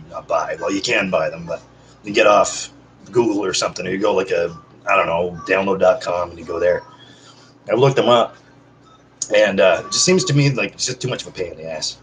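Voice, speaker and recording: Casual male vlogger at home, lowish voice, rambly and self-mocking, talks straight to viewers in one take. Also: a little hiss or hum, low-quality recording. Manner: rambling, joking, self-deprecating asides to viewers. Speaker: channel host. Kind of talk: casual unedited one-take vlog chat.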